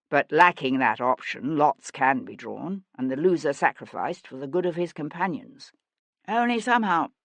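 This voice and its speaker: A polite, formal magistrate speaks earnestly and respectfully, as a woman narrator puts him on. The voice has a gravelly edge and sits close and dry, as in an audiobook. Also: a bass voice, a bit bright, dry recording, exaggerated voice. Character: earnest male Bow Street magistrate.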